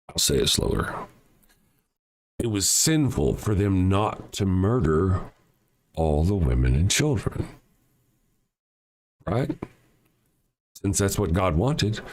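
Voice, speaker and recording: A man hosting a solo commentary show, talking in a sarcastic, profane, mocking way. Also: mid-range voice. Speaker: host.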